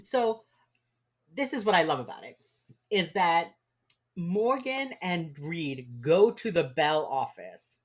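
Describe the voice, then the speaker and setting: A woman's voice: fairly low pitch, expressive, slow, husky. A woman co-hosting a podcast, recapping a TV episode in casual chat with wry, dry asides. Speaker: podcast co-host.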